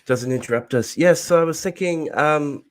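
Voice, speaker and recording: A man hosting an interview, getting over bronchitis and clearing his throat, asking halting questions with frequent restarts and apologies. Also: on the high side. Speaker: podcast host.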